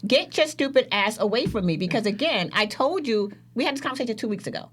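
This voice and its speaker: A woman's voice: on the high side, animated, quick pace. A woman co-hosting a podcast in casual chat, blunt and swearing freely as she acts out what she said to friends. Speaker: podcast co-host.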